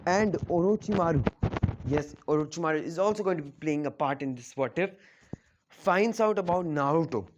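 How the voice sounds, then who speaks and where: A man's voice: a little high, animated, moderate pace, slight background noise. A man casually retelling a fan-made story, rambling with lots of fillers. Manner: rambling, full of fillers like "like" and "you know".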